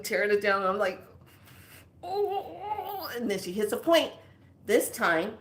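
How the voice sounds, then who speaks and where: Woman in her fifties, chatty healer type, tells stories with lots of laughs and acted-out voices. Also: medium pitch. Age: 50s. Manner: animated, laughing often, acting out quoted voices. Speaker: spiritual healer. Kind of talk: casual storytelling.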